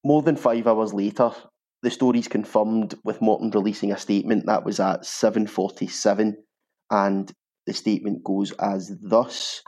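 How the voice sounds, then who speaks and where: A Scottish man hosting a football podcast, with a low voice and a mellow, dark tone. He keeps a steady, even delivery and reads statements aloud plainly. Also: normal speed. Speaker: podcast host. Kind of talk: scripted intro and casual football chat.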